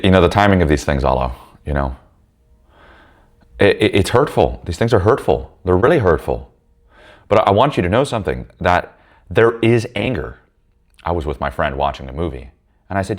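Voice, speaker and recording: A man's voice: a bass voice, animated, fast talker. A man leading a men's group, telling a personal story in a blunt, heated, profane way.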